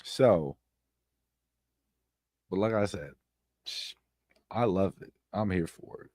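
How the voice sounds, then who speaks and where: Low-voiced man ranting on a stream. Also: slow pace, no echo, clean studio sound. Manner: blunt, swears freely, repeats himself, loud outbursts. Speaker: streamer commenting on online drama. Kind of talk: casual profane commentary stream. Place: home streaming setup. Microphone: close streaming mic.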